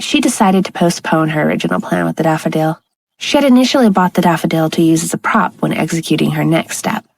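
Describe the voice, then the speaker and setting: A woman reading a romance audiobook aloud in steady, scripted narration on a close mic. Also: on the low side, no room sound, low-quality recording.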